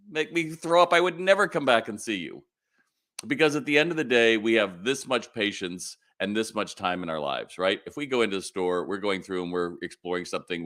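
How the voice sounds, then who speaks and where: A man's voice: on the low side, fairly bright tone. A middle-aged man hosting a live retail Q&A in casual, blunt, opinionated talk. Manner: blunt and opinionated, acts out quoted voices.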